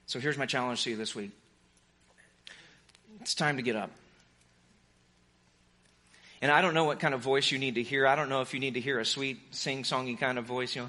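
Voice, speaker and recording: A man preaching a sermon as pastor, passionate and urgent, swinging between fervent pleas and hushed, quiet lines. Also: medium pitch, fast.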